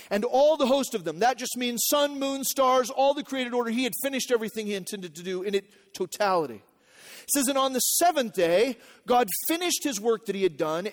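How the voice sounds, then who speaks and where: A male pastor with an extremely high-pitched voice preaches a sermon earnestly, like a teacher. He repeats key phrases and checks that the congregation is following along.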